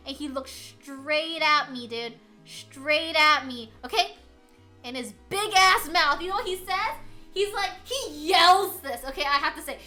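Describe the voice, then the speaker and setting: A young adult woman streaming, telling a story in a casual, animated chat full of filler words. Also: high-pitched.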